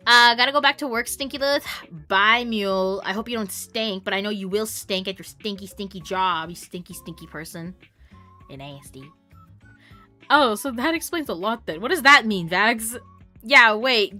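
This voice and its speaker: A young woman from Canada, a streamer chatting casually with her viewers, playful and teasing, quick to laugh and trade mock insults. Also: medium pitch, animated, sharp tone, soft background music. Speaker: variety streamer. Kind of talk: casual chat reading stream chat.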